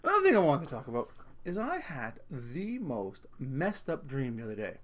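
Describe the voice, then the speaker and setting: A man's voice: medium pitch, wildly swooping pitch, moderate pace, a bit bright. A man hosting his own casual rant video from home, rambling and correcting himself as he tells crude, jokey stories. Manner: rambling, self-correcting storyteller, crude humor.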